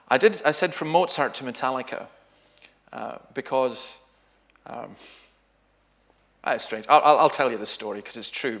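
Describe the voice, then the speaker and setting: A middle-aged man, a minister, giving a talk in a church, telling anecdotes and acting out what people said. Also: on the low side. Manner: lively storyteller, acts out quoted voices.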